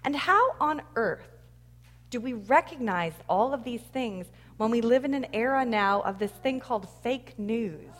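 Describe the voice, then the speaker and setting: A woman's voice: fairly high pitch, unhurried. A woman preacher giving a sermon, telling stories and acting out quoted lines with energy. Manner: animated storytelling, acts out quoted lines loudly. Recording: long reverb of a large hall.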